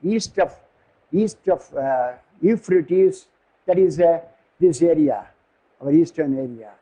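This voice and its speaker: Older man, Indian English accent, philosophy lecture, rambling and halting, mellow husky voice, somewhat high. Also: rough recording. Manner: digressive, halting, searches for words.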